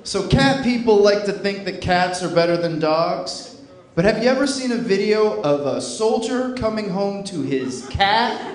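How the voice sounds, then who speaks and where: A man doing a stand-up comedy set on a club stage, with a deadpan, dry delivery. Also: sits high, a little slow, background noise. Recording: echoey club with loud crowd laughter.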